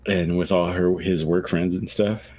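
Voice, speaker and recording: A man with a low voice tells a rambling story in a loose, casual podcast chat. He swears freely and acts out the people in his story. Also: steady tone, a little slow, a little mellow, no room sound. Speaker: podcast co-host.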